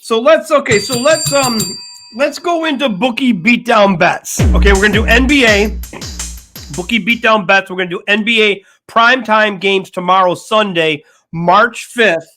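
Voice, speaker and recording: An older man co-hosts a casual sports show in a high, bright voice. He jumps in eagerly and keeps recalling stories he and his partner lived through. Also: moderate pace, soft background music. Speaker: co-host.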